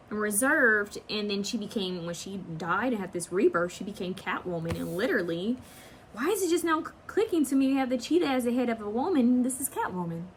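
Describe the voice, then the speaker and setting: A woman's voice: fairly high pitch, slight background noise. A woman giving a casual pick-a-card tarot reading, chatty and rambling with slangy asides.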